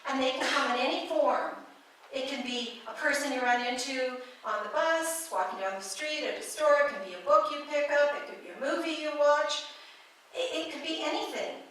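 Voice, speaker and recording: A woman's voice: sits high, moderate pace, fairly bright tone. A woman giving a conversational, playful sermon as a guest speaker at a spiritual church. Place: church sanctuary. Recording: echoey hall from far off.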